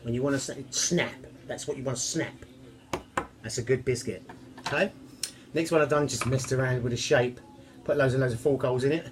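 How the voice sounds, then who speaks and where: A man talks through his home baking in a loose, chatty vlog. He rambles cheerfully and jokes at his own expense, and his voice sits at an ordinary middle pitch. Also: steady tone, fairly quick, background noise. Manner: cheerful, rambling, self-mocking. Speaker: home cooking vlogger. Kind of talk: casual chatty cooking vlog.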